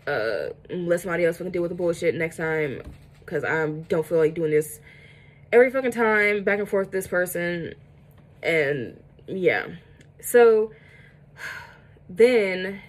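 Exasperated young woman ranting, swearing freely. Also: on the low side. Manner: profane, exasperated, filler-heavy. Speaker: employee venting about work. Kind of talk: casual rant.

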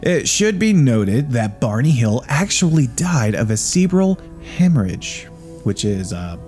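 Animated man reading aloud casually. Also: medium pitch, unhurried, faint music behind. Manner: rambling, laughs often, crude jokes. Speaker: podcast co-host.

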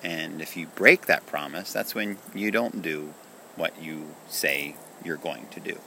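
A man's voice: very deep voice, a little slow, gravelly, sharp tone, a little hiss or hum, poor audio. A man reading a children's storybook aloud in a soothing bedtime tone.

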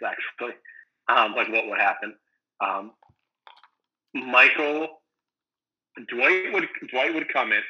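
A man's voice: medium pitch, breathy edge, highs cut off. A young man co-hosting a casual podcast, rambling with lots of fillers and acting out imagined scenes. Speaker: podcast co-host.

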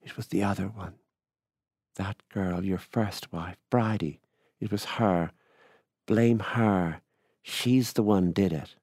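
A man's voice: low voice, slow, darkish tone, dry recording, studio quality, exaggerated voice. Man voicing an impatient widow. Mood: urgent. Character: impatient, desperate rural widow.

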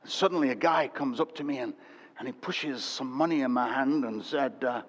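An older man preaching a sermon, telling a story animatedly and swinging from loud to hushed. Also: mid-range voice, moderate pace. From England. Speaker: pastor. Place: church hall. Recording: dull echoey church hall recording.

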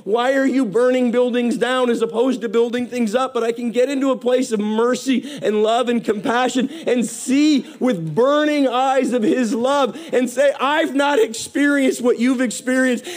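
A middle-aged man preaching a sermon, impassioned, swinging between hushed and emphatic delivery. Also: extremely high pitch.

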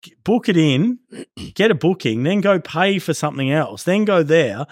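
A man's voice: fairly high pitch, normal speed, no room sound, clean studio sound. Swearing man telling stories. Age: 40s. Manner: swears a lot, animated storyteller acting out quotes. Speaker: podcast guest. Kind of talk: casual chat.

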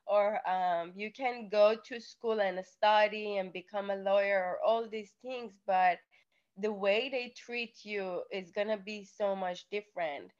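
A woman's voice: medium pitch, measured pace, clean tone. Earnest woman with a Persian accent. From Iran. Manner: earnest, animated, rambling. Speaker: interview guest. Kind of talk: casual interview talk. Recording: dull lo-fi audio.

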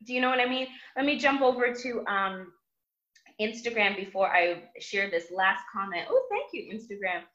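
A woman's voice: mid-range voice, lively intonation, normal speed, a bit bright, highs cut off. A woman hosting a live motivational stream who speaks emphatically and repeats words for force. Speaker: host of a live motivational show.

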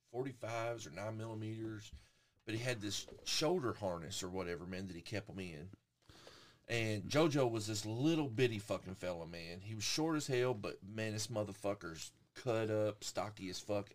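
A man co-hosting a podcast, telling an animated, profane story in casual chat and acting out what people said. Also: fairly low pitch, slight background noise. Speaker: podcast co-host.

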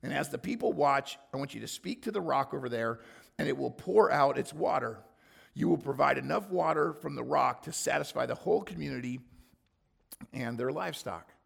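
A man preaching a sermon with a hoarse voice, reading scripture and acting out the people's complaints in sudden loud, high bursts. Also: expressive, normal speed. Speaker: pastor.

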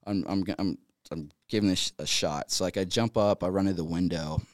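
Young man, very low voice, dry close sound, casual storytelling, lots of fillers. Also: fairly even intonation, no room sound. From North Carolina. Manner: rapid, filler-heavy retelling with many restarts. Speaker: podcast guest.

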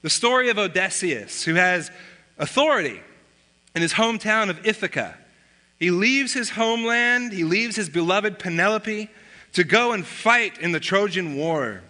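A man delivers a sermon in a bright, forceful, fairly high voice. He explains things conversationally and keeps asking rhetorical questions. His words ring out with the long reverb of a church hall. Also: lively intonation, normal speed. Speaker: pastor.

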